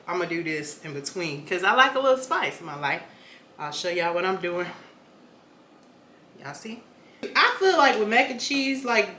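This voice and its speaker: A woman's voice: mid-range voice, a bit bright, reverberant, a little hiss or hum. A woman filming a casual home cooking vlog in her kitchen, chatting and joking with viewers as she cooks. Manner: chatty and joking, talks straight to viewers as y'all. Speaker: home cook vlogger.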